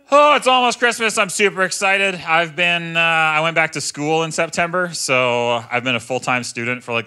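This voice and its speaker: A man in his thirties performs stand-up, his voice bright and sharp and his pitch swinging animatedly through each bit. He talks casually and mocks himself, often asking the crowd "right?" before a punchline. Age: 30s. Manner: conversational, self-mocking, often tags lines with "right?"; jumps into loud high character voices for punchlines. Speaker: stand-up comedian. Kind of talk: stand-up comedy set. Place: comedy club stage.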